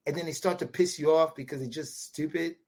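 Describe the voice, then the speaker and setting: A man from Brooklyn with a New York accent, a podcast guest telling a story in an animated, casual way and often tagging his sentences with "right?". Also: on the high side, a little fast. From Brooklyn, USA. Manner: animated, repetitive restarts, quotes dialogue with "right?" tags.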